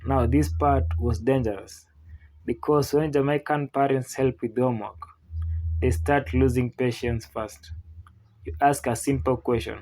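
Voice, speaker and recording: A man narrates a comic script about strict Caribbean parents. His voice sits at a mid pitch. His tone stays steady and storytelling, and he drops into a mother's voice for her lines. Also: unhurried, low-quality recording.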